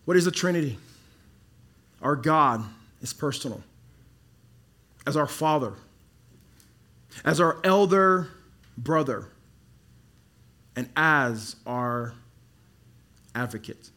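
A man in his thirties from Dallas preaching a sermon as pastor, animated and then dropping to quiet emphasis. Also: fairly high pitch, slow, pauses often. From Dallas, Texas.

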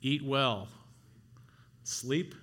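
A man's voice: mid-range voice, very slow, fairly bright tone. A middle-aged man preaching an earnest sermon to husbands, urging them on with rising exhortations. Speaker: pastor.

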